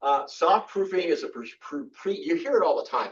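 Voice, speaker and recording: A man's voice: a little high, animated, normal speed, a little hiss or hum. Older man, casual photo workshop lecture, rambling with restarts, distant, muffled sound. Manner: chatty, rambling, many restarts and fillers. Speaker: photography instructor. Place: club meeting room. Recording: distant, dull room recording.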